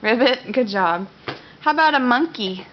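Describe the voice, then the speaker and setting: At breakfast at home, a mother coaxes and praises her toddler in a high, very animated sing-song voice, taking it slowly. The home video sounds dull and lo-fi, with background noise.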